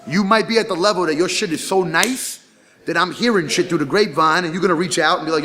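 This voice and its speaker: A male rapper talks loosely through an interview, his voice sitting a bit higher than most men's. He tells his stories with a cocky, swaggering edge and swears all the time. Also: fast, bright, forceful tone. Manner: profane, boastful storytelling. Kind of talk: casual interview talk.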